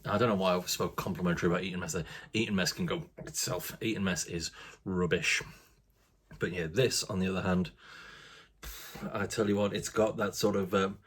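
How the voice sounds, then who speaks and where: A man's voice: deep voice, husky. A man casually reviewing a craft beer, chatty and rambling, with casual swearing.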